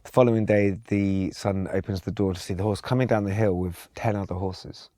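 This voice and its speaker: A man, a songwriter guest on a podcast, telling a long story in a calm, reflective, conversational way. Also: low-pitched, a little fast, no room sound, clean studio sound.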